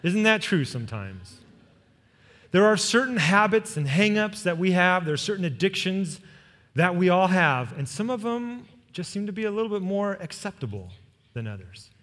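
Pastor preaching in a reverberant hall. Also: male voice, sits high, sing-song, moderate pace. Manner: storytelling with quoted voices, closing in soft prayer. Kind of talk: sermon.

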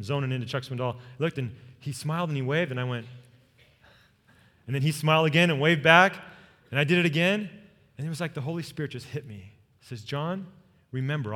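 A man preaching a sermon as pastor, telling a personal story with earnest warmth and leading the congregation in repeated phrases. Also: mid-range voice. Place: church sanctuary. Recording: long reverb of a large hall.

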